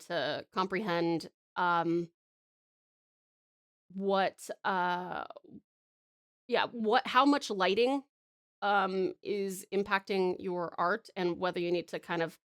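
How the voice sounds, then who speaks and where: A woman's voice: on the low side, clear, resonant tone, no room sound, clean studio sound. A woman with an Australian accent from Tasmania, chatting casually on a live art stream and rambling with lots of "um" and "like". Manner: calls her viewers sweet pet names. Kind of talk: casual live-stream chat while drawing.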